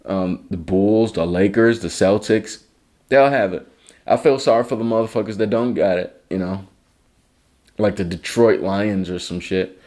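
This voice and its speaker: A man's voice: lowish voice, normal speed, darkish tone. Male podcast host from Chicago, foul-mouthed sarcastic ranter, solo comedy show. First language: English. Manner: profane, ranting, sarcastic.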